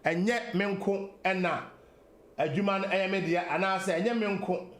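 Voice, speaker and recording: Ghanaian guy on talk radio, high voice, hammering his points home. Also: measured pace. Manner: emphatic, mixing English and Twi. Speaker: radio show host. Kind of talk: political talk radio monologue.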